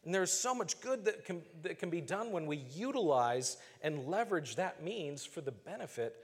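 A man preaching a sermon as pastor, earnest and measured, slowing down to stress key phrases. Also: fairly high pitch, animated, breathy edge, big-room sound.

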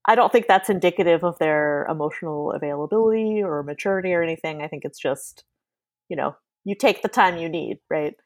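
A woman co-hosting a casual talk show, agreeable and quick to laugh. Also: no echo. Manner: agreeable, laughs often, lively pitch. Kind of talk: casual chat.

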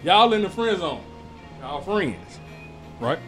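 A man's voice: high voice, very animated, slow, music in the background. A man co-hosting a casual podcast chat, telling stories with laughter and acted-out quotes. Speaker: podcast co-host.

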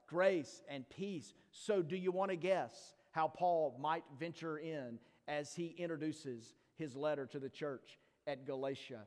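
A man's voice: on the high side, darkish tone. Man preaching in a reverberant hall. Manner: reads scripture briskly, then preaches slowly with rhetorical questions; playful asides to the congregation. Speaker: pastor. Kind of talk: sermon.

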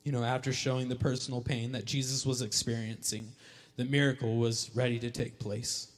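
A male pastor preaching a sermon emphatically, repeating key lines and building to loud calls. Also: medium pitch, flat delivery, a little fast. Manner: emphatic, repeats lines for effect, rising to shouts. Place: church hall. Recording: long hall reverb.

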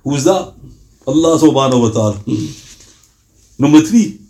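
Mellow-voiced male Islamic preacher. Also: mid-range voice, animated, moderate pace. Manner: storytelling with acted dialogue, emphatic. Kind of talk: Islamic lecture.

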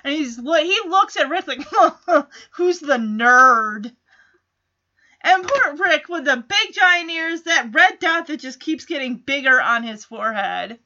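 A woman's voice: sits high, expressive, normal speed, few pauses, bright, forceful tone, highs cut off. A woman chatting casually as she recaps a TV episode, giggling often as she goes. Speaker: show recapper.

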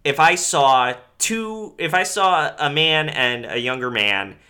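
A man recaps a movie on a podcast in a loose, profane way. His voice is bright and lively, and his pitch rises and falls constantly. He keeps dropping into silly impressions of the characters. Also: takes it slowly. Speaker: podcast co-host. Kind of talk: casual chat recapping a movie.

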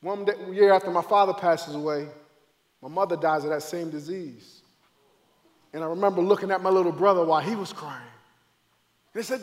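A man, a former football player, giving an emotional faith testimony, dramatic and acting out moments as his voice swings between loud and hushed. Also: high voice, brisk, pauses often, in a large hall.

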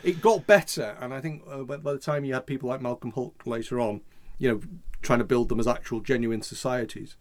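A man's voice: mid-range voice, fairly even intonation, a little fast. Man, podcast co-host, casual chat, rambling, many restarts. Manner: rambling, full of restarts and "you know".

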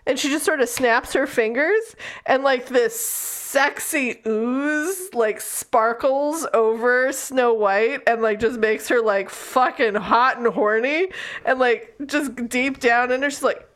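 A woman's voice: fairly high pitch, slow pace, a bit bright. A woman co-hosting a podcast, chatting casually about a book and laughing often as she acts out characters' lines. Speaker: podcast co-host.

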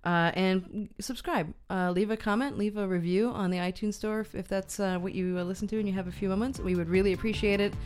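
A woman's voice: mid-range voice, steady tone, a little fast, few pauses, darkish tone. A woman with a Midwestern American accent co-hosting a film podcast, wry and joking. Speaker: podcast co-host. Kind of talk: casual film review chat.

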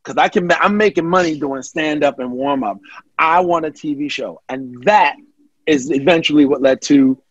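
A man's voice: on the high side, normal speed, slightly rough, no room sound, muffled recording. A man, a guest comedian, telling a story in casual chat and acting out the people he quotes. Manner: animated, acts out quoted voices.

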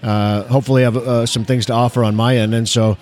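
A man's voice: mid-range voice, little pitch movement, brisk, a little mellow. A male emergency physician chatting as an interview guest. He stammers often, repeats his words and leans on fillers. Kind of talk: casual interview chat.

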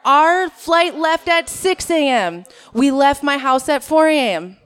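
A woman's voice: sits high, animated, takes it slowly, a bit bright. A stand-up comedian from Minnesota, a woman, nervous on stage and chatting to the crowd in a self-mocking way. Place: on stage at a live show.

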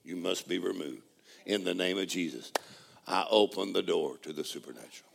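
Gravelly-voiced man preaching with fervor. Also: moderate pace. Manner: call-and-response preaching, swings from low murmurs to shouted praise. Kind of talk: sermon.

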